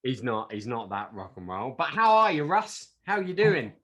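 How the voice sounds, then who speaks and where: A man's voice: mid-range voice, very animated, normal speed, a bit bright, dull audio. A man co-hosting a podcast, riffing playfully and slipping into mock voices. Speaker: podcast co-host. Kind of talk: casual chat.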